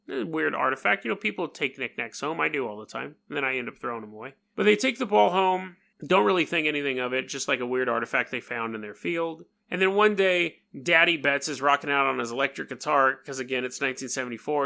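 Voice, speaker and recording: New york guy podcasting, kinda high voice, jokey and rambly, does little sound effects. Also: lively intonation, normal speed, vocal fry, pushed and bright. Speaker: podcast host. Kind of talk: casual storytelling monologue.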